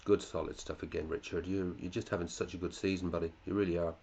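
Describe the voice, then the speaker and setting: A man's voice: low voice, flat delivery, fast talker, vocal fry, darkish tone, dull audio, slight background noise. A male fantasy football podcast host in casual chat, running through listeners' teams, chatty, with muttered asides and casual swearing.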